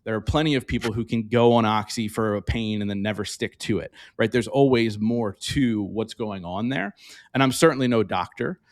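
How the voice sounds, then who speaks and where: A man's voice: on the low side, normal speed. A man talking as a podcast guest, reflective and earnest, speaking openly in a candid interview.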